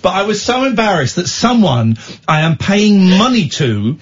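A man with an English accent hosting a late-night radio chat show, animated and self-mocking, often breaking into giggles. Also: sits high, normal speed, dull audio, slight background noise. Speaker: radio host.

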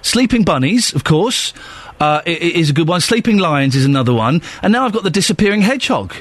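Quick, lively radio host. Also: male voice, sits high. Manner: playful, self-mocking, quick banter. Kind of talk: casual radio chat.

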